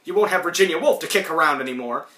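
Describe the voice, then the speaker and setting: A man voicing a meek, put-upon middle-aged cartoon mother, speaking softly with a wounded tone. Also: on the high side, lively intonation, fast. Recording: roomy echo.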